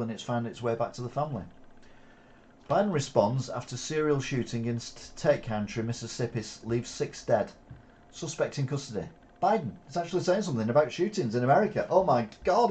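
A fairly low, darkish male voice with a little hiss or hum in the recording belongs to a news commentary host from Wigan, England. In his Lancashire accent, he reads alternative news headlines and throws in sarcastic asides with plenty of fillers.

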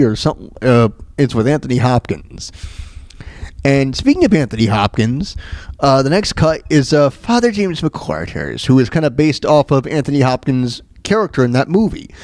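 Man, radio host, casual rambling recap, fillers and chuckles, average pitch. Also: a little mellow, no echo. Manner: rambling, many fillers, chuckles at his own stories.

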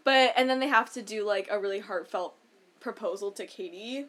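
A woman co-hosting a podcast, chatting casually about a reality show, full of "like" and quick laughs. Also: mid-range voice, fairly bright tone. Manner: chatty, lots of "like", laughs often. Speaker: podcast co-host.

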